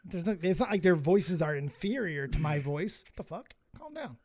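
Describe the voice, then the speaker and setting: A man hosting a casual commentary podcast, loud and crude, mocking and jumping into joking bits. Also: on the high side, animated, moderate pace. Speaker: podcast host.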